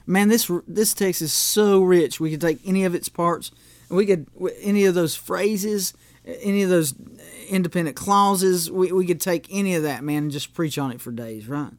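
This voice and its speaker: A man's voice: sits high, normal speed, no echo. A man preaching a sermon as pastor, in a conversational way with frequent restarts and "right?" asides.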